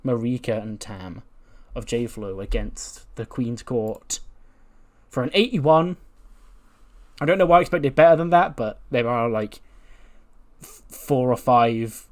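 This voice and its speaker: A man's voice: medium pitch, animated, measured pace. Chatty man narrating a game. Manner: chatty, laughs often. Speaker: gaming video creator. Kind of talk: casual let's-play narration.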